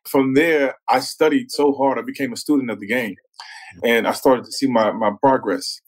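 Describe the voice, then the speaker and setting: A man guests on a podcast and tells his story in a casual, easygoing way. His voice sits at a middle pitch, and he drops in "man" often and acts out quotes as he talks. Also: fairly quick, breathy edge, low-quality recording. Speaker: guest, former pro football player.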